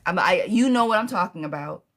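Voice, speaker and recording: A woman hosting a live tarot stream, chatting casually and affectionately, with many pet names for her viewers and quick, animated bursts of talk. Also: on the low side, a little hiss or hum. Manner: animated, talks fast in bursts, laughs often.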